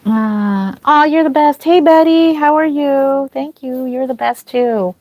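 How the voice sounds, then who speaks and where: There's no room sound as a woman with a high, slightly mellow voice speaks a little slowly. A reborn doll artist in her home nursery, she wears a mic for her livestream, chatting with viewers, thanking them by name, full of fillers, her throat slightly dry.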